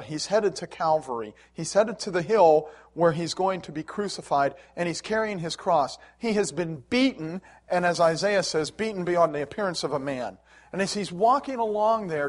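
A middle-aged man preaching a sermon in an earnest, emotional way, with swells of emphasis. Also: on the high side. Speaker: pastor.

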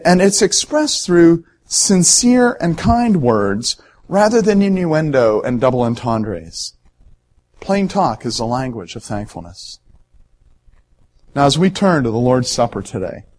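A man preaching a sermon in an earnest, emphatic way. His voice sits a little high for a man, and he drops soft and low for solemn points. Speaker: pastor.

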